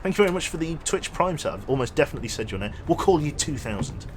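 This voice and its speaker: A young man casually commentating his gameplay on a livestream, chatty and quick to launch into an animated story. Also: on the high side, a little hiss or hum. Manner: chatty, animated storyteller who thanks subscribers. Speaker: streamer.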